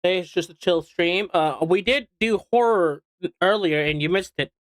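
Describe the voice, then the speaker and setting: Smooth-voiced young man rambling casually. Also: high voice, moderate pace, no room sound, studio quality. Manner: rambling, hesitant, many fillers and restarts. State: hiccuping. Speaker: streamer. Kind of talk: casual chat while eating and drawing.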